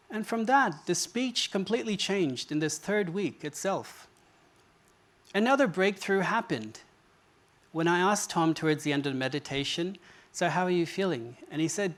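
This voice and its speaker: A man's voice: high voice, lively intonation, moderate pace, a bit bright. A man giving a stage talk, telling a story with quoted dialogue in an earnest way. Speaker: speaker. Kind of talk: public talk. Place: stage before an audience.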